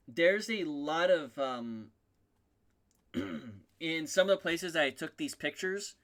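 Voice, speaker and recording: Man, game master, bright tense voice, a bit high, rambling narration. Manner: rambling, many ums, self-correcting.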